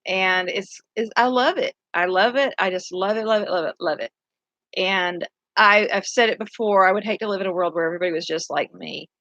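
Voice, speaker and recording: A woman's voice: medium pitch, fairly quick, bright, forceful tone, no room sound. A middle-aged woman, a city council candidate talking casually and earnestly. She sounds tired and rambles, often restarting her sentences. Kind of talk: casual monologue. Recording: dull lo-fi, dry sound.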